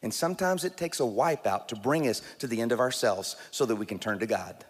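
A pastor preaching a sermon in a church, animated, with emphatic rises and slow stressed phrases. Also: male voice, medium pitch, slightly rough, in a large hall.

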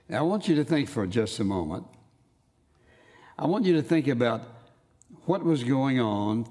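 A man preaching a sermon, reading scripture aloud and stressing key words with slow emphasis. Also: medium pitch, a little mellow. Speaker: pastor. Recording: long hall reverb.

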